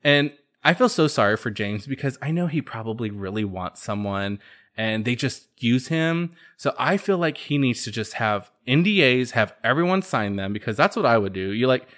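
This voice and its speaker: A man's voice: mid-range voice, normal speed. A man hosting a podcast, chatting casually and sassily about pop culture gossip. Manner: sassy, chatty, animated storytelling. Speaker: podcast host.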